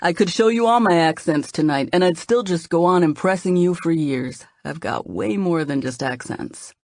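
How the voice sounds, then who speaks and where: Woman doing a cocky jokey young guy, low-ish and teasing, dry read. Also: normal speed, a little mellow, dry recording, lightly acted. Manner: teasing, playful. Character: confident joking young man.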